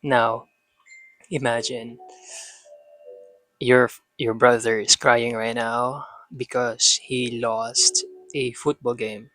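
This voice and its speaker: A man who speaks to his son as a father, calmly giving parenting advice in an instructive, repetitive manner. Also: medium pitch, slow, long pauses. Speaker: parenting vlogger addressing a son. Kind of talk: advice monologue.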